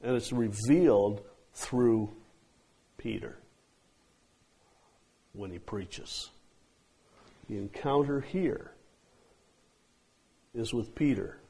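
A man preaching an expository sermon, emphatic, with drawn-out phrases and pauses. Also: mid-range voice, creaky, dark tone, slightly rough.

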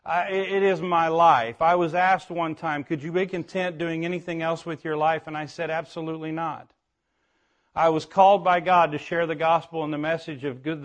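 An older man with a slightly high, fairly bright voice preaches in a playful, folksy way, often restarting his words and now and then singing songs that spell out words.

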